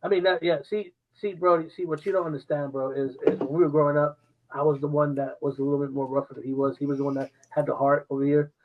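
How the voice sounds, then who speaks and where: A man co-hosting a casual podcast chat, halting and stumbling, repeating words as he works out his point. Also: fairly high pitch, level tone, narrow, tinny audio. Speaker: podcast co-host.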